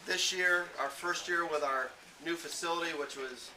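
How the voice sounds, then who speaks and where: A man speaking as head coach at a team banquet, handing out awards with halting repeats and fillers. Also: a little high, pushed and bright. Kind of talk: awards speech to players and parents. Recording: distant mic with background noise.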